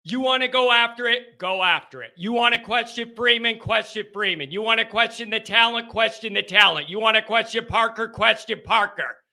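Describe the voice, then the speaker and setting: High-pitched ranting sports call-in host. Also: male voice, moderate pace, few pauses. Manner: worked-up, yelling, repetitive ranting. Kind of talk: post-game call-in rant.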